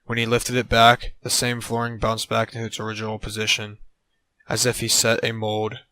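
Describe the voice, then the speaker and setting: A man narrating an absurd comedic story in a deadpan way on a close mic. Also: lowish voice, normal speed, low-quality recording.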